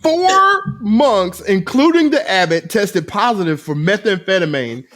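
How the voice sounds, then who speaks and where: A man co-hosting a comedy podcast who reads out strange news stories. He talks slowly in a high, lively voice. His manner is laid-back and teasing. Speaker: podcast co-host, news segment reader. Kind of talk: casual comedy podcast chat.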